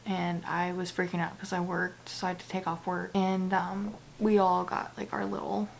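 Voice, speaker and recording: Soft-spoken young woman vlogger. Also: on the low side, completely flat delivery, vocal fry, a little hiss or hum. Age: young adult. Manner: soft, halting, often near a whisper. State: tearful. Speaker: book vlogger. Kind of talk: casual personal vlog to camera.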